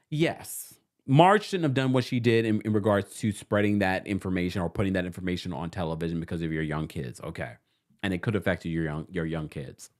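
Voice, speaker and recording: A man giving a casual, chatty recap commentary, with a New York accent and a habit of acting out the people he quotes. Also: mid-range voice. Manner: animated, chatty, quotes people in lively mimicry. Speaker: recap host.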